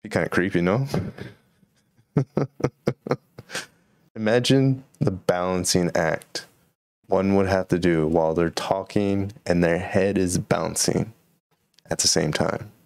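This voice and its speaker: A man's voice: deep voice, slow pace, creaky, pauses often, a little mellow, no echo. A man hosting a solo podcast, musing and rambling casually about current events. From Texas. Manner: rambling, musing, laid-back. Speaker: podcast host.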